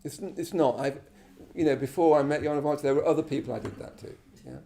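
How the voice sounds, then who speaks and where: Slightly high with vocal fry and a warm tone, a man from England talks fast through an informal Buddhist session for a live class in a shrine room. There's a little hiss or hum in the audio. He's chatty and self-deprecating, checking in with "you know" and "yeah?".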